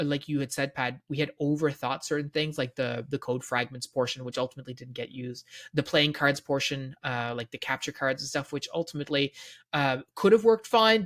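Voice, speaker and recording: A man with a Canadian accent, co-hosting a casual podcast and telling stories in a rambling, animated way full of fillers. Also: a little high. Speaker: co-host, game organizer.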